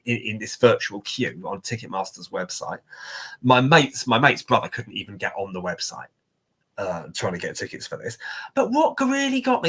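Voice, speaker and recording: Ranting husky man. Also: fairly low pitch. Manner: animated, ranting, swearing. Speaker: podcast co-host. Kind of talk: casual podcast rant.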